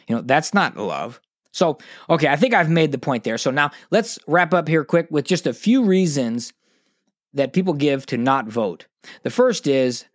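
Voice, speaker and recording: A man's voice: medium pitch, no echo, studio quality. A man, hosting a podcast monologue in a passionate, preachy way, often restarting his sentences. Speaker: podcast host.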